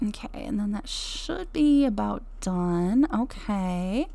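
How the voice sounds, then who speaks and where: A young adult woman hosting a life-sim Let's Play, chatting excitably and giggling as she plays. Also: mid-range voice, slow pace, creaky, hardly any pauses. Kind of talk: game commentary.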